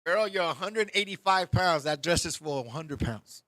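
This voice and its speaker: A man hosting a talk show, telling comic stories in a profane, animated way. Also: a little high, moderate pace. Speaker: podcast host.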